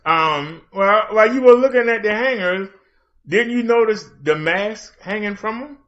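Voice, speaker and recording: A man's voice: sits high, normal speed, a bit bright, lo-fi sound. A man hosting a late-night livestream, challenging and mocking an absent critic. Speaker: livestream host.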